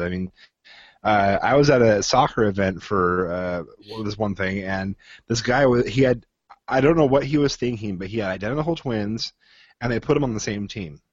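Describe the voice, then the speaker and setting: A man's voice: lowish voice, moderate pace, no echo, highs cut off. A man, a podcast guest, talking in casual chat with loose, rambling storytelling.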